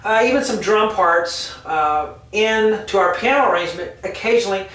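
Relaxed male piano teacher with a high-pitched voice, heard from a distance in an echoey room. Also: normal speed. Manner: relaxed and chatty, hums and sings rhythms as he explains. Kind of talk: casual online piano lesson. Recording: echoey room, mic set back, loud piano. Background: piano playing.

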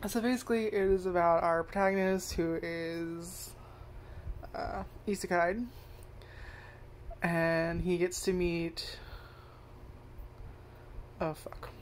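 A woman's voice: fairly low pitch, steady tone, slow pace, pauses often, slight background noise. A woman giving casual first impressions of a show, rambling, swearing freely and correcting herself as she goes. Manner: rambling, profane, self-correcting. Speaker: anime reviewer.

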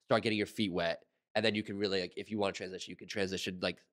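A man's voice: low voice, steady tone, very fast, a bit bright. A man hosting a casual interview in a laid-back manner. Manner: laid-back, lots of "like" fillers. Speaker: interview host.

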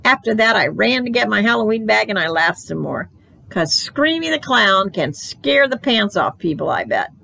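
A woman reading a children's book aloud for library storytime, in a playful, animated storytelling manner. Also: mid-range voice, normal speed, gravelly, poor audio.

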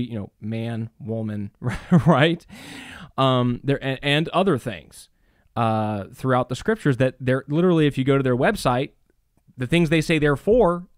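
A man's voice: mid-range voice, no room sound, studio quality. A middle-aged man preaching to a church audience, emphatic, with rhetorical questions and many fillers. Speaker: church speaker. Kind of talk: preaching talk.

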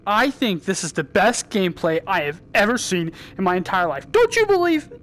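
A woman hosting her own gaming channel, chatting and joking through a VR game and breaking into loud yells. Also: lively intonation, normal speed. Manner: chatty, jokey, bursts into high yelling. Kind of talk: casual gameplay commentary.

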